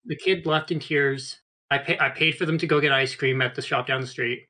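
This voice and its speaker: A man as a podcast guest, telling rambling anecdotes in a relaxed, casual way. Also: medium pitch, brisk. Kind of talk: casual storytelling.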